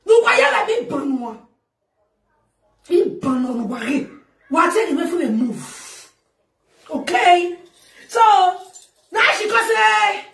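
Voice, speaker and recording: A woman with a Nigerian accent delivering a loud, laughing, shouting rant as a talk show host. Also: extremely high pitch, very animated, slow pace, pauses often. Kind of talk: ranting monologue. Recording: echoey, far from the mic.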